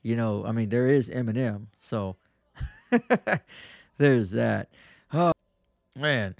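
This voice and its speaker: A man's voice: mid-range voice, animated, slow pace, creaky, dry recording, clean studio sound. A man hosting a podcast, telling stories in a crude, rambling way with lots of profane slang. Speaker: podcast host. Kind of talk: casual podcast monologue.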